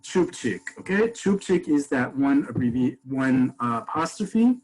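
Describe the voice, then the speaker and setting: Husky-voiced man teaching a webinar. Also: mid-range voice, big pitch swings, measured pace, a little mellow, low-quality recording. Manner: explains step by step, answers chat questions. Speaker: Hebrew teacher. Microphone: video call.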